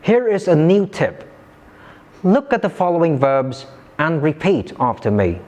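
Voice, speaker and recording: A man teaching English pronunciation in a scripted lesson, enunciating slowly and carefully and modelling words for listeners to repeat. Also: on the high side, expressive, darkish tone.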